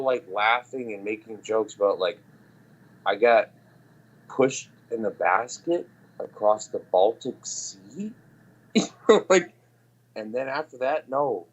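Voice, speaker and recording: A man's voice: mid-range voice, slightly rough. Profane sarcastic man ranting, lo-fi. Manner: profane, sarcastic storytelling, mocking quotes in raised voice. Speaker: podcast host. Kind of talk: casual ranting chat. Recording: dull lo-fi sound.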